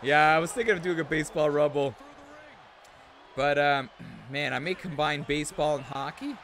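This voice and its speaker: Chatty, excitable male streamer, middle-aged, high voice, light noise behind. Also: normal speed. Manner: excitable, chatty, reads out viewer comments. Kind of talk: live game stream commentary.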